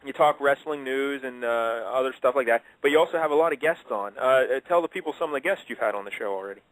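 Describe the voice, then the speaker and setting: A man's voice: mid-range voice, fast, a bit bright, no room sound, poor audio. A man hosting a radio show, interviewing a guest in a chatty, joking way.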